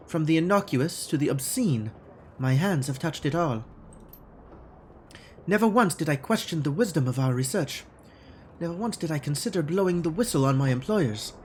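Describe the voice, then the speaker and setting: A man voicing a guarded, formal corporate woman scientist in a put-on German accent, with clipped, measured speech. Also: on the high side, a little hiss or hum, natural voice. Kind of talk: video game dialogue read aloud.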